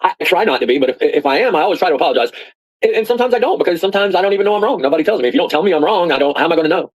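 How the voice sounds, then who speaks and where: A man's voice: a little high, animated, rapid-fire, poor audio. A man ranting casually in a rambling, profane way, often repeating and restarting his words. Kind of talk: casual rant.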